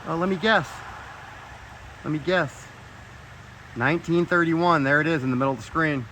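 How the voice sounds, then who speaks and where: A man's fairly high, bright voice carries a forceful tone at a moderate pace over a little hiss or hum. He's filming a walking vlog outdoors on his phone camera as he explores old bridges, talking to viewers with awed exclamations, occasional swearing, and spells of breathlessness.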